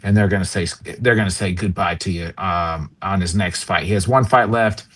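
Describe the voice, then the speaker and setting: A man with a somewhat low voice breaks down combat sports as a guest. He talks casually and at length, with plenty of "uh" and "you know" as he spins a story. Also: moderate pace, fairly bright tone. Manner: rambling, storytelling, filler-heavy.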